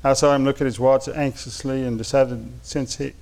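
A man's voice: mid-range voice, steady tone, moderate pace, gravelly, a little mellow. A man preaching a sermon, reading funny anecdotes aloud and laughing along, then turning earnest. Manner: shifts between light storytelling and earnest preaching.

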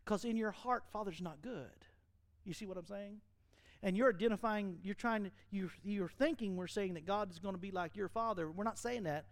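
With a voice that sits high and a normal speaking speed, a middle-aged male pastor gives an animated church sermon. He imitates fiery preachers and laughs at his own jokes, and there's no echo.

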